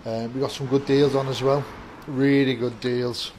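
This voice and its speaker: A man's voice: mid-range voice, flat delivery, moderate pace, darkish tone, slight background noise. A man chatting casually to camera from inside his shop, upbeat and rambling. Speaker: vape shop worker greeting viewers. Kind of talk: casual vlog chat to camera. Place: inside a shop with the door open. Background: faint music in the shop.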